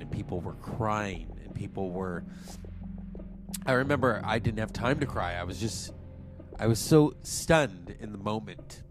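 A congested man in his forties hosting a solo podcast, chatty and digressive. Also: lowish voice. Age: 40s. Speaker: podcast host. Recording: music playing behind.

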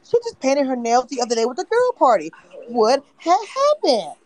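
A woman hosting a live chat about a reality show, blunt, profane and quick to laugh. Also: high-pitched, big pitch swings, darkish tone, no room sound, rough recording. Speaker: show commentary host.

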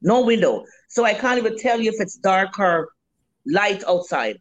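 A middle-aged Jamaican woman, a food vendor, chatting in an interview as a lively storyteller who swears freely. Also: mid-range voice, normal speed, dry recording, rough recording. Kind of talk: casual interview chat.

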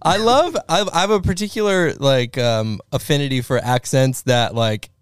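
A man chatting casually as a returning podcast guest, animated and laughing, acting out playful quoted voices as he tells stories. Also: mid-range voice, normal speed, clean tone, dry recording. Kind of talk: casual chat.

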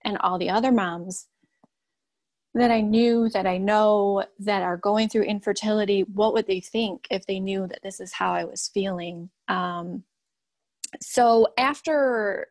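Young mom talking it through, lots of pauses, dry close sound. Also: female voice, mid-range voice, steady tone, darkish tone, no room sound. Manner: halting and candid, many pauses and fillers. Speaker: mother sharing her story. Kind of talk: personal testimony.

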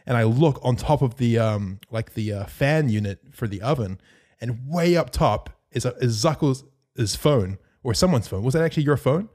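Animated, swearing young man telling a story. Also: mid-range voice, normal speed. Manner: animated, swears a lot, laughs while telling. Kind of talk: casual storytelling chat.

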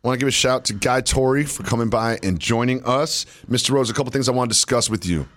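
A man co-hosting a podcast, joking in casual, animated banter and laughing often. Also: mid-range voice, quick pace. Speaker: podcast co-host.

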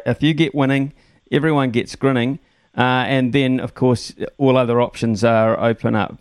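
A man hosting sports talkback radio. His voice is smooth and resonant. He sounds close and dry on a studio mic, chatting in a relaxed way with his callers. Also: medium pitch, no room sound. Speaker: talk radio host. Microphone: studio microphone.

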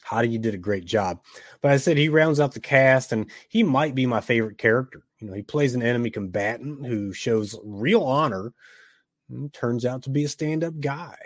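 A man from Tennessee with a Southern US accent, casually reviewing a horror film with joking asides and drawn-out words for emphasis. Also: mid-range voice, no echo, studio quality. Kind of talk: casual movie review commentary.

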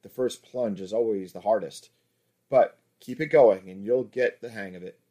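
A man's voice: fairly low pitch, moderate pace, dark tone, close to an everyday voice. A man voicing a confident, seductive, experienced woman lover in an erotic audiobook, in a teasing, coaxing manner. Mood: sultry.

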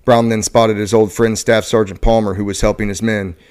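A man hosting a podcast who reads a book passage aloud at a steady pace, now and then stumbling and correcting himself. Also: on the low side, a little fast, clean tone. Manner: steady reading with occasional stumbles and self-corrections. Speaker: podcast host.

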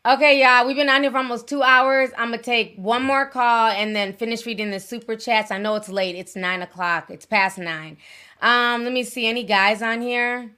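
A woman's voice: on the high side, steady tone, normal speed, sharp tone, clear, resonant tone. A woman hosting a live call-in show, chatty and affectionate with her callers. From Minnesota.

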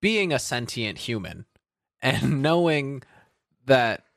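A man's voice: mid-range voice, sing-song, takes it slowly, creaky, a bit bright, no room sound. Rambling self-mocking man, dry close sound. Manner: rambling, self-deprecating storyteller. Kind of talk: casual chat.

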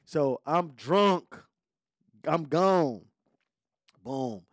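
Give me an animated male podcast host telling a raw story, dry and close. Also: on the high side, drawn-out words, dry recording. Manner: animated, profane storytelling with shifting voices. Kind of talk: casual storytelling chat.

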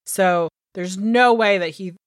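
Woman co-host, blunt casual chat, medium pitch, dry close mic. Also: takes it slowly, no echo. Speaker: podcast co-host.

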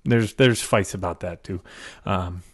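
Speaking into a desk microphone, a man with a deep, husky voice and a measured pace co-hosts a casual podcast. He jokes and rambles with his partner, laughing often.

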